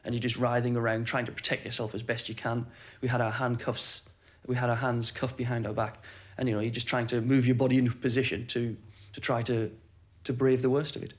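A man recounting a personal ordeal in measured, even testimony. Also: medium pitch. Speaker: interviewee recalling captivity.

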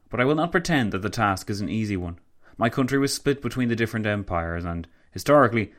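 A man voicing a proud, patriotic male foreign minister who speaks in a measured way. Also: mid-range voice, fairly bright tone, lightly acted.

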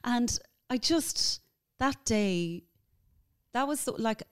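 A woman's voice: a little high, lively intonation, slow pace, clear, resonant tone. A woman guest telling a story in casual interview chat, chatty and emotional, full of "like" fillers. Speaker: guest, cookbook author.

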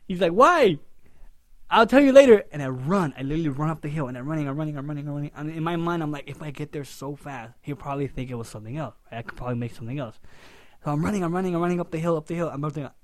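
A young man co-hosting a podcast, telling a story with lively, loudly acted-out quotes. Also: fairly high pitch, rapid-fire, no room sound. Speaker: podcast co-host. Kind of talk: casual storytelling chat.

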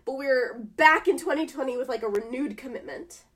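A woman co-hosting a podcast in casual chat, sounding nasal from a cold and talking in animated bursts with fillers. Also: high voice, moderate pace. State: sick and nasal. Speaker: podcast co-host.

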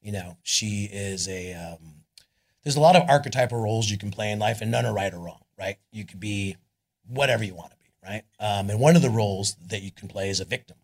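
A middle-aged man with a Californian accent, speaking live on a club stage. His low voice has a husky edge. He rambles through animated stories and jumps into loud voices when he quotes people. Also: brisk. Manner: rambling, animated storyteller, acts out quotes loudly. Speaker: guest, rock singer. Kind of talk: live on-stage storytelling interview.

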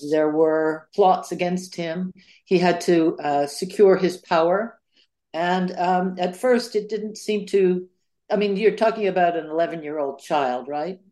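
An older woman historian answering interview questions on a podcast, speaking in halting sentences full of fillers and restarts. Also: fairly low pitch, darkish tone. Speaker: author and historian guest.

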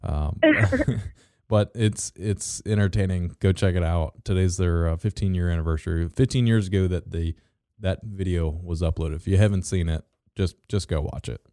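A man co-hosting a casual business chat, halting with many fillers and restarts, with dry sarcastic asides. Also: low voice, dark tone, dry recording. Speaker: podcast co-host.

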